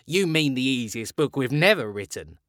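A man putting on a bouncy, enthusiastic young storybook friend, voice jumping high with excitement, big lively swings, close and dry. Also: normal speed, dry recording. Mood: eager.

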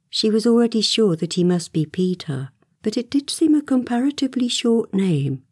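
A woman narrating a storybook aloud in a gentle, expressive way, sometimes dropping to a soft whisper. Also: fairly high pitch, normal speed, slightly rough, dry recording, clean studio sound. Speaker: audiobook narrator.

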